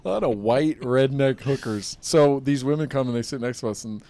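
A man's voice: medium pitch, moderate pace, no echo. A man chatting casually as co-host, telling stories with laughter and acted-out quotes. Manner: animated storyteller, acts out quotes with laughter. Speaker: podcast co-host. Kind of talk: casual chat.

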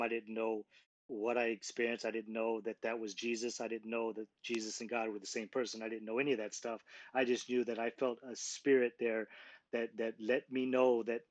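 Earnest halting man sharing a testimony. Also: medium pitch, no echo. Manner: halting, many restarts and filler words, earnest. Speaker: guest sharing his testimony. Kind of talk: emotional personal testimony, conversational. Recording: slightly dull lo-fi sound.

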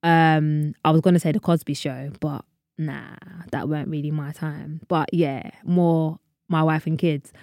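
A woman's voice: low voice, fairly even intonation, a little slow, darkish tone, dry recording, studio quality. A woman, hosting her own podcast in a chatty, rambling way and laughing at her own asides. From London, England. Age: 30s. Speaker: podcast host. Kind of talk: casual solo podcast chat.

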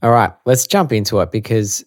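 A man co-hosting a podcast, asking questions in a relaxed, casual way. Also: lowish voice, a little fast, dry recording, studio quality. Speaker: podcast co-host.

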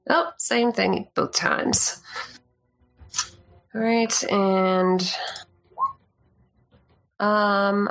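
A woman playing a tabletop game, calmly narrating her rolls and damage. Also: mid-range voice, vocal fry, poor audio. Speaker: player.

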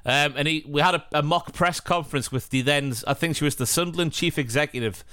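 A man, co-hosting a casual football podcast and telling stories with animated energy and frequent laughs. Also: fairly high pitch, a little fast, clear, resonant tone, no echo, studio quality. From northeast England. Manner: animated, laughs often, storytelling. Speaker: podcast co-host.

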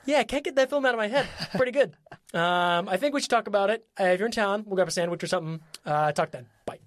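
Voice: mid-range voice, brisk, no echo, studio quality, lightly acted. A podcaster voicing a straight-laced male film executive who leaves clipped, businesslike answering-machine messages. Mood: brisk.

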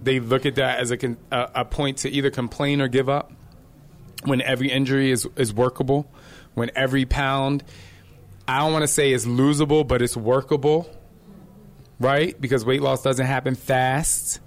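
A man's voice: mid-range voice, moderate pace. A middle-aged man, a fitness instructor, chatting casually and energetically, telling stories and acting out quotes. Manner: energetic, animated storyteller who acts out quotes. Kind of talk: casual chat.

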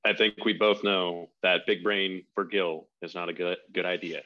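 A man's voice: deep voice, steady tone, normal speed, muffled recording. A man playing a tabletop game, brash and swearing in his character talk. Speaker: player. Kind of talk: casual chat at a game table.

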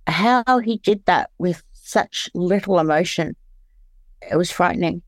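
An Australian woman telling her story candidly as an interview guest, halting and searching for words, often restarting. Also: fairly low pitch, dry recording.

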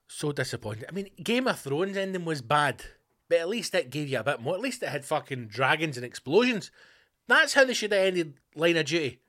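A Scottish man hosting his own podcast, ranting sarcastically with constant swearing, swinging between loud outbursts and low mutters. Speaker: podcast host. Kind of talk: profane comedic rant.

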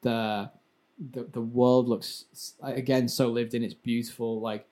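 A man's voice: medium pitch, level tone, measured pace, dark tone. A man co-hosting a gaming podcast, chatting casually, swearing and restarting his sentences. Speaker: podcast co-host.

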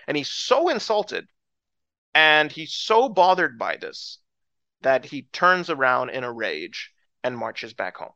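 Man, bible teacher, bright tone, dry sound, dramatic storytelling. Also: takes it slowly, no room sound, lo-fi sound. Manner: animated storytelling, acts out characters with rising pitch.

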